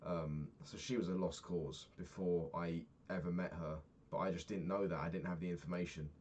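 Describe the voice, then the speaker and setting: A man's voice: low-pitched, fairly even intonation, moderate pace, darkish tone, a little hiss or hum. A young man talking through his day in a candid, rambling diary vlog, swearing freely. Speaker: vlogger.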